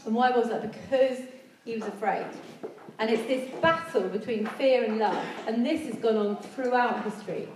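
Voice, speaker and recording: Woman preacher, conversational sermon delivery, slightly high voice, distant mic with faint noise. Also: moderate pace, darkish tone. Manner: earnest, conversational, acts out quoted voices. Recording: echoey hall, speaker far from mic.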